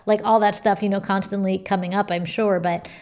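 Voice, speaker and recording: A woman's voice: mid-range voice, little pitch movement, fairly quick, darkish tone. A young woman in casual chat, a new mother, talking in an encouraging, chatty way.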